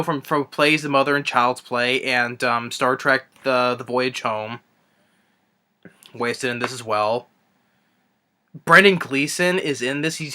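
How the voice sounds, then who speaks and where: A man's voice: mid-range voice, bright, forceful tone. A young man reviewing a film in an unscripted rant, rambling with many restarts and fillers. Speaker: movie reviewer.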